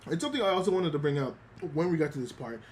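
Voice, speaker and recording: A man's voice: on the high side, very fast, husky. A man casually recapping an anime on a livestream, acting out the characters' lines with lots of fillers. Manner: animated retelling, acts out quoted lines; many fillers, excited. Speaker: streamer.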